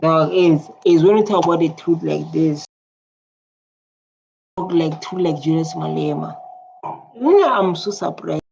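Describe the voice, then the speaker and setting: A man's voice: fairly high pitch, unhurried, creaky, long pauses, highs cut off, noisy background. A man hosting a reaction video, reading out viewer comments and repeating himself as he muses. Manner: repetitive, reads viewer comments aloud.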